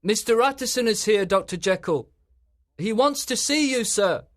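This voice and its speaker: A man's voice: high voice, expressive, moderate pace, dry recording, clean studio sound, pitched above the performer's own voice. A man voicing a frightened, loyal male servant who speaks anxiously and politely, calling the lawyer sir. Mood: respectful.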